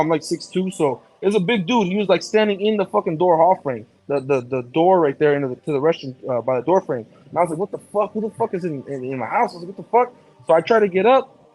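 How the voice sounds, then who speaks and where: A man in casual chat, telling a personal story in an animated, profane way. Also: high voice, low-quality recording.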